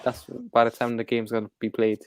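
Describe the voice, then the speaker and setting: A man joins a casual football fan chat as co-host, his talk easygoing and unhurried in manner. His voice is dry and close with no room sound around it. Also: mid-range voice, monotone, clean tone, no room sound.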